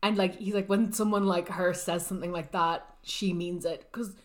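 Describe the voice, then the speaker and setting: A woman's voice: on the low side, fairly even intonation, moderate pace. Chatty woman retelling a story. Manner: chatty retelling with quoted character lines and frequent "like". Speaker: podcast co-host summarizing a book. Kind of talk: casual book discussion.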